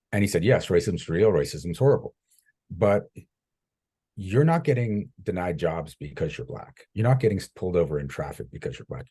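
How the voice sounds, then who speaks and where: A man with a somewhat low, husky voice speaks in a conversational interview. He is an animated storyteller who slips into the voices of the people he quotes, talking as a coach. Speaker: guest coach.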